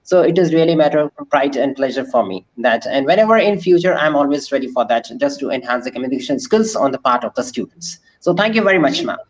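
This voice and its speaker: A man's voice: medium pitch, animated, quick pace, hardly any pauses, highs cut off. A man, a guest speaker answering questions in an online lecture, polite and repetitive. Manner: polite, repeats himself, says "sir" and "ma'am" often.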